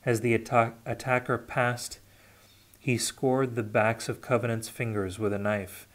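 A man reading a fantasy novel aloud unrehearsed, steady with occasional self-corrections. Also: medium pitch, a little slow. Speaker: audiobook reader. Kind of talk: unrehearsed audiobook narration.

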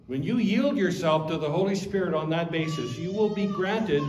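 A male pastor preaching a sermon, building to loud emphatic points and dropping to low asides. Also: normal speed, few pauses, a little hiss or hum. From Canada. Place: church sanctuary. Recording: echoey church room, faint ambience.

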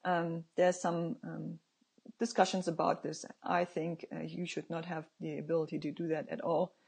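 A woman advocating for marine conservation, explaining proposed rules to viewers in a halting, informal way with frequent filler sounds and plain personal opinions. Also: deep voice, level tone, gravelly, a little mellow, husky.

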